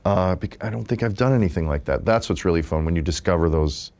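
This interviewee is a man in his fifties who does improv comedy, his voice sitting low and moving at a quick pace. He talks casually and rambles in a relaxed way, using lots of "like" as filler.

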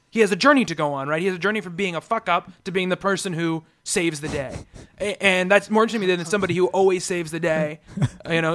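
A man hosting a comics podcast, talking eagerly in a casual chat and tumbling over his own words as he restarts sentences. His voice sits a little high for a man. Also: a bit bright. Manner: eager, restless with many restarts and fillers. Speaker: podcast host.

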